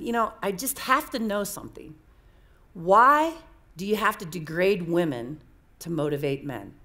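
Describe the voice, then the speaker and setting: This woman, a coaching speaker, has a fairly bright tone and a voice on the low side. Sharing personal stories with an audience, she stays candid and chatty, frequently going back over the same points.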